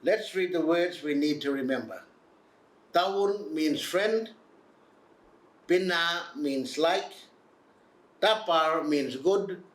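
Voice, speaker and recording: Guy teaching vocab real slow, higher voice, echoey room. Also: expressive, fairly bright tone. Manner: patient, repeats each word for learners. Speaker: language teacher. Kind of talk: slow instructional drilling.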